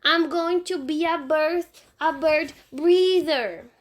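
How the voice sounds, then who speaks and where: A woman reading aloud and voicing a playful little boy with squealing, drawn-out questions. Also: high voice, voice pushed up.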